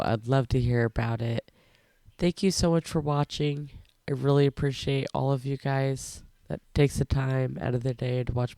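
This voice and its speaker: A woman hosting a reaction video, speaking in a slow, easygoing way. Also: rumbling low, gravelly, warm tone, no room sound. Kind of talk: casual reaction commentary.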